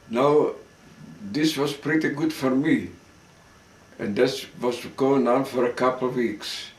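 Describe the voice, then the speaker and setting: An older man giving recorded testimony, telling his account in a halting way, often restarting words. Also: mid-range voice. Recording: roomy recording from a distance.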